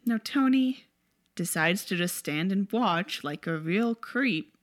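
A woman's voice: medium pitch, expressive, slow. A woman casually recapping a movie plot in a wry, chatty, sarcastic way.

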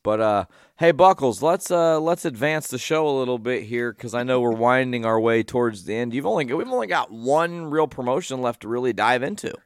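Podcast co-host, male, gravelly and relaxed, dry close-mic read. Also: medium pitch, a little fast, few pauses, no room sound. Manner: laid-back, swears freely. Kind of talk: casual chat.

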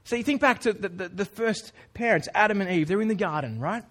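A man with a high, fairly bright voice preaches at a brisk clip. His sermon is casual and earnest, conversational in style, and he drops informal asides to the congregation.

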